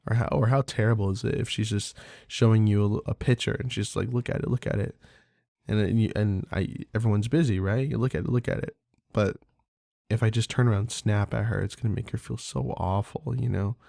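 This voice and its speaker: Creaky and warm, this lowish male voice belongs to a podcast host talking candidly off the cuff. His casual monologue wanders, with plenty of swearing and fillers, and the studio-quality recording carries no room sound.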